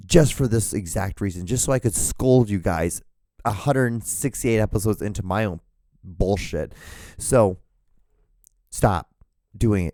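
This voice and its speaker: Solo podcast host, male, low mellow voice, rambling and profane, dry sound. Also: moderate pace, no room sound. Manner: rambling and profane, rants with frequent restarts.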